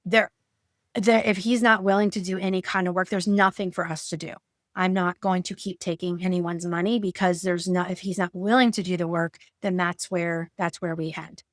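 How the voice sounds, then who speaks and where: A woman coach with a fairly low voice teaches about couples work after betrayal, using personal examples in an educational talk. She speaks conversationally, with fillers and acted-out quotes. The studio-quality recording has no room sound.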